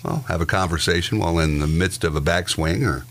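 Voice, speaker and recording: A man with a very low voice, chatting casually as a podcast co-host. He reads out odd news stories and drops dry asides, chuckling at his own jokes. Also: brisk, fairly bright tone, slight background noise. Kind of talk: casual chat, reading news items.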